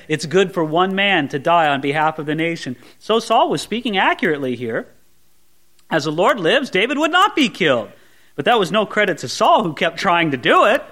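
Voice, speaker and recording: A man preaching a verse-by-verse sermon, dropping to quiet asides and rising to emphatic peaks, sometimes mimicking gushing prayers. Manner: swings between soft low asides and bright emphatic peaks; voices imagined sweet prayers mockingly. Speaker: pastor. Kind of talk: expository sermon.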